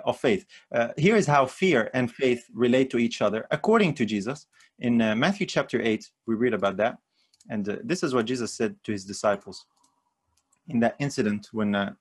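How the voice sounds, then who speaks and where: Man preaching, husky voice, earnest, emphatic rises, repeats himself. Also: mid-range voice. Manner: earnest, rising emphasis on key phrases, repeats words. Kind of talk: sermon.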